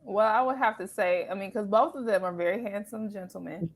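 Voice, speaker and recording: A woman guest on a casual talk show, a singer and comedian, answering in a playful, animated way with lots of laughter. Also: mid-range voice, fairly quick, a little hiss or hum, low-quality recording. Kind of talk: casual interview chat.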